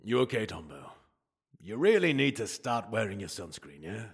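A man's voice: lowish voice, sing-song, normal speed, creaky, husky, full character voice. A man voicing a weary Greek hero with a wry, grumbling manner in a comedy audio sketch. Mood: teasing.

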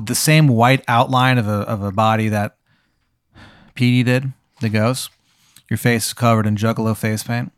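A man's voice: medium pitch, no room sound, studio quality. A man hosting an improvised role-play game, narrating in a rambling, casual way with lots of "like"s and swearing. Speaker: game host.

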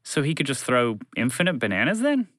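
A man's voice: mid-range voice, huge pitch swings, fairly quick, a bit bright, dry recording, studio quality. A man voicing curious children who keep interrupting a story with nitpicking questions. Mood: questioning. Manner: inquisitive, pestering questions.

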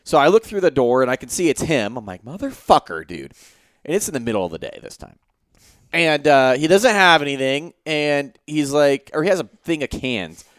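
Lively high-voiced man telling a story. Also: moderate pace, clean tone, no room sound. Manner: animated, profane storytelling, acting out quoted voices. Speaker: podcast co-host telling a story. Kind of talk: casual chat.

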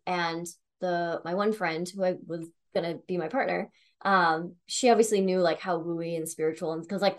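A young woman telling a personal story in a casual, chatty way, full of "like" and "um", with the odd swear. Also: lowish voice. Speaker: tarot reader.

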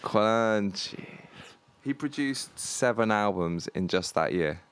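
A man's voice: fairly low pitch, expressive, slow pace, clean tone. A man hosting a casual conversation, asking friendly, easygoing questions with plenty of fillers. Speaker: podcast host.

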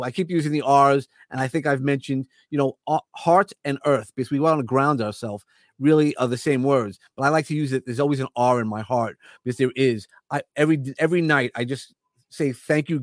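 A man's voice: a little high, no echo, clean studio sound. A man with a New York accent, a podcast host and coach, talking earnestly and at length as a guest in an interview. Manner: rambling, earnest, repeats words when starting. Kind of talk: casual interview talk.

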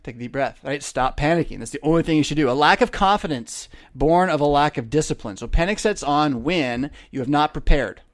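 Rambling preachy man, higher voice. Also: lively intonation, brisk, few pauses. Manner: rambling, preachy, lots of fillers and restarts. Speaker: host. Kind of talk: casual monologue.

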